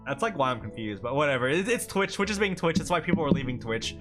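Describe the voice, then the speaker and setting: A male streamer chats and rambles through casual livestream talk, laughing often. His bright, forward voice is a little high, fast, and swings widely in pitch. Soft guitar music plays faintly in the background.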